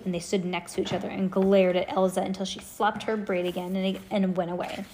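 A woman reading a children's book aloud to her kids, lively and animated with them. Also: medium pitch, fairly quick, few pauses.

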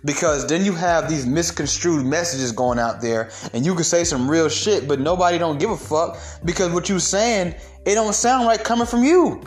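A man's voice: on the high side, normal speed, hardly any pauses, faint music behind. A young man delivering a heated, profane rant of social commentary, emphatic and blunt.

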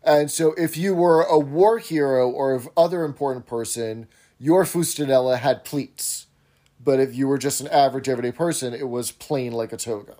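A man's voice: medium pitch, normal speed, mellow. A man co-hosting a podcast, chatting in detail as he recaps a sitcom episode. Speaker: podcast co-host.

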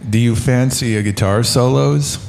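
A man co-hosting a comedy podcast in dry, deadpan banter, pressing with questions. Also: medium pitch, moderate pace, creaky, a little hiss or hum. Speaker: podcast co-host.

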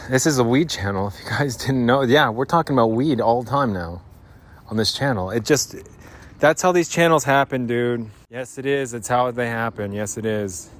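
A man's voice: medium pitch, moderate pace. A middle-aged man hosting a podcast in a rambling, casual monologue, full of slang and repeated filler words. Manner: rambling, slangy, keeps saying dude. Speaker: podcast host.

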